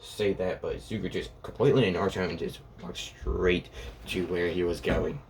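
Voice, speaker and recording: A man's voice: low-pitched, moderate pace, creaky, a little mellow, a little hiss or hum. A man casually retelling a fan story, rambling and filling gaps with "and yeah" and "pretty much".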